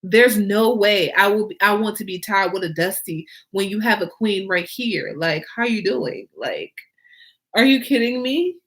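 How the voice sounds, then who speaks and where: A woman's voice: medium pitch, normal speed, hardly any pauses. A woman hosting her own fashion vlog, talking in a casual, emphatic way and repeating phrases for emphasis. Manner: emphatic and animated, with many rhetorical questions and fillers. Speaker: fashion designer and vlog host.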